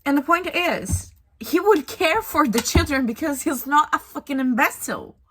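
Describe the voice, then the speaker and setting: A woman's voice: high-pitched, expressive, moderate pace, a bit bright, slight background noise. A young woman reviewing a book in a casual vlog, ranting in exasperation with sighs and swearing.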